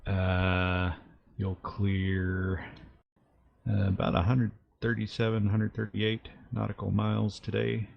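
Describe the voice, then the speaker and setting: A man narrating a tabletop game as game master, his lowish voice gravelly with fry. He explains rules in a halting way with plenty of fillers. The mic sounds dull and lo-fi, dry with no room sound. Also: completely flat delivery, no echo.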